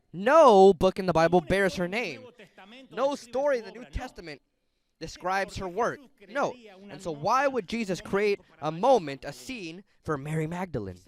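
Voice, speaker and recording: A middle-aged man preaching a sermon in an animated, conversational storytelling manner, talking straight to his audience. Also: sits high.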